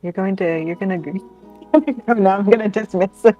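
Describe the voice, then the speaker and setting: A woman's voice: medium pitch, normal speed, dark tone, highs cut off, faint music behind. A woman player in a tabletop game who talks hesitantly, with many ums and restarts. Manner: hesitant, with lots of fillers.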